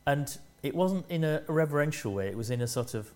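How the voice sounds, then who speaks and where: A man preaching a sermon, speaking in short measured phrases and rising in force to stress key lines. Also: on the high side, expressive, a little mellow.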